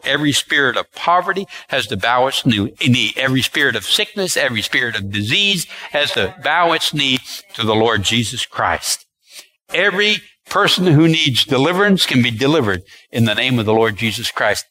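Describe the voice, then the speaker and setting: A man's voice: on the high side, sharp tone, rough recording. Preacher man, lots of repeating for emphasis, voice swings up and down a lot. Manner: emphatic and repetitive, stretching key words. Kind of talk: sermon.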